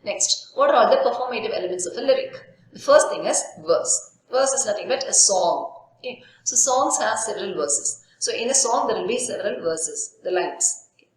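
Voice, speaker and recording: A woman's voice: medium pitch, expressive, normal speed. A woman university lecturer giving a recorded literature lesson, asking herself questions and answering them, often saying "okay". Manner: explains with frequent "okay" and rhetorical questions. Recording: very echoey room.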